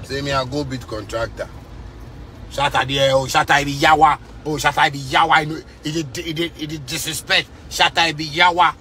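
A man's voice: a little high, fairly even intonation, brisk, pushed and bright, a little hiss or hum. A man from Ghana with a Ghanaian Pidgin English accent, ranting to camera from inside a car in fiery, repetitive street talk. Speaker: musician vlogger. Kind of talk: casual rant to camera.

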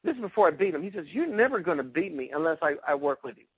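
Husky high-voiced man telling stories. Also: rapid-fire, no room sound, phone-quality sound. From South Carolina, US. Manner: animated anecdotes, acting out quoted voices. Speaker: guest, retired karate champion. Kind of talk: storytelling in a casual interview.

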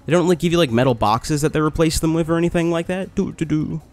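A man giving casual let's-play commentary, complaining, swearing and getting excited as he plays. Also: a little high, fast, faint music behind. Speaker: gaming video host.

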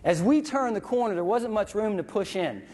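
Animated male storyteller in a big hall. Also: high voice, moderate pace, husky. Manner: vivid, animated, acts out sounds and voices. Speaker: veteran speaker. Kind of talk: storytelling speech. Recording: hall reverb.

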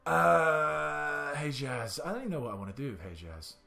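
A man's voice: a little high, expressive, normal speed, vocal fry, sharp tone, faint music behind. A man giving indecisive let's-play commentary, muttering to himself and swearing now and then. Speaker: gaming channel host.

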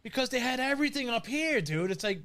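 A man's voice: extremely high pitch, expressive, quick pace, fairly bright tone. A man co-hosting a podcast in loose casual chat, dropping "bro" and "dude" and swearing freely. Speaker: podcast co-host.

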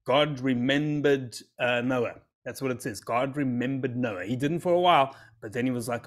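A man's voice: mid-range voice, moderate pace, hardly any pauses. A man, telling a scripture story as a comedy routine with self-amused, rambling asides. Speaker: comic storyteller.

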